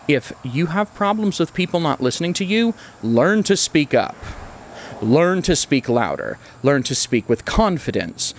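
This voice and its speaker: A man's voice: fairly high pitch, a little hiss or hum. A man hosting his own channel, giving an opinion commentary in a blunt, emphatic, lecturing way. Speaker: YouTube channel host.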